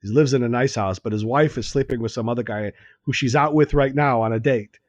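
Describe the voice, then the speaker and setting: A man's voice: mid-range voice, a little fast, no echo. A man on a podcast telling a story in casual chat, acting out the dialogue and laughing often.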